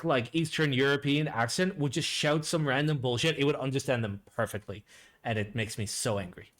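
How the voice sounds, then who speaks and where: A male live-stream host talks off the cuff, swearing freely and stringing thoughts together with filler words. His voice sits at an ordinary middle pitch for a man. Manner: rambling, sweary, lots of "like" fillers. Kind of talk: casual profane live-stream reaction chat.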